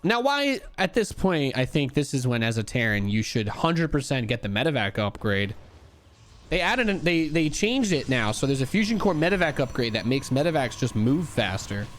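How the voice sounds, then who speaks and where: A young male streamer and caster gives casual, joking commentary on an esports replay, swinging between hype and dry asides. His voice is medium-pitched with big pitch swings, at a normal speed.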